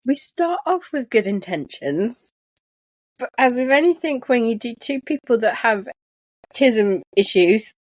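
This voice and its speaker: A woman's voice: fairly high pitch, lively intonation, measured pace, no echo. A woman co-hosting a podcast, chatting casually with a wry, storytelling manner. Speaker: podcast co-host. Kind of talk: casual chat.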